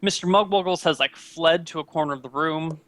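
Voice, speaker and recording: A man narrating as game master in a tabletop game, casual and halting with many fillers. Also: fairly high pitch, a bit bright, no room sound.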